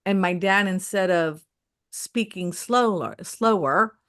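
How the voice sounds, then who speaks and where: A woman's voice: mid-range voice, takes it slowly, fairly bright tone. Southern American woman hosting a panel. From Mississippi, US. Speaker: host. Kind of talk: panel discussion.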